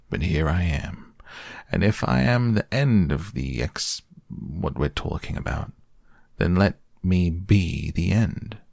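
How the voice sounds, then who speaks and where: A man's voice: rumbling low, creaky, darkish tone, slightly rough, dry recording, clean studio sound, full character voice. A man voicing Eeyore, the gloomy old donkey. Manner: slow, drawn-out complaining. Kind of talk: soft bedtime storybook reading.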